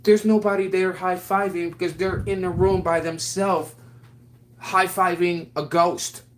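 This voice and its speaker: A man's voice: high voice, fairly even intonation, measured pace. Rambling, friendly livestream guy. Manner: rambling, affectionate, heavy on fillers. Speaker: livestream host. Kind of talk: casual livestream chat.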